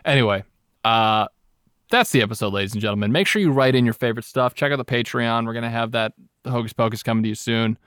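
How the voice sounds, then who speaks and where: A man in his twenties co-hosting a podcast in casual, jokey chat, often laughing and breaking into silly high voices. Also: quick pace, fairly bright tone, clean tone, no echo, clean studio sound. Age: 20s. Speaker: podcast co-host.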